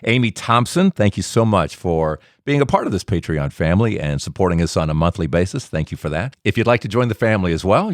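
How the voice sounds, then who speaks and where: A man's voice: deep voice, no room sound, studio quality. A man hosting a podcast, asking the guest questions and reading thanks to supporters. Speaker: podcast host. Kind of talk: interview and sponsor read.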